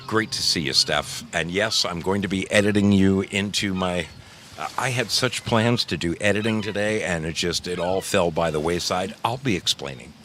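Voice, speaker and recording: A man's voice: sits low, normal speed, a bit bright, a little hiss or hum. A man hosting a casual livestream, greeting viewers in the chat one by one in a playful, effusive way and calling them darling. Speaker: livestream host.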